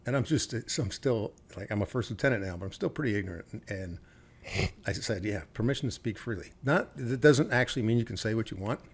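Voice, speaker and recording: Low-voiced man telling blunt stories. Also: fast talker, husky. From United States. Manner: blunt, profane storytelling with quoted dialogue. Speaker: podcast guest, retired Army officer. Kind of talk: casual interview storytelling.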